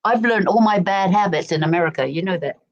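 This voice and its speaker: A woman's voice: medium pitch, fast, lo-fi sound. Middle-aged woman, berkshire english accent, chatty storytelling on a stream, keeps saying do you know what i mean. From England. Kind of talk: casual chat. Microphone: desk mic.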